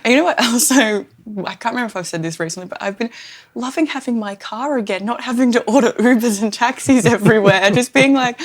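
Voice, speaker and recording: A woman's voice: on the high side, brisk. An Australian woman co-hosting a podcast in a casual chat from a home lounge room, laughing often and teasing. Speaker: podcast co-host.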